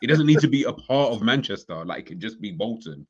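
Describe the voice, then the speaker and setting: A man from London chatting in casual football banter, halting and full of restarts. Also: mid-range voice, sing-song, breathy edge, highs cut off.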